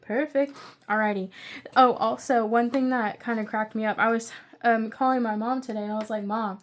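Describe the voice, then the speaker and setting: Young woman, higher pitch, chatty budgeting vlogger who rambles into excited asides. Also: a little fast. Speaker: budgeting channel creator. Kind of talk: casual budget-with-me narration.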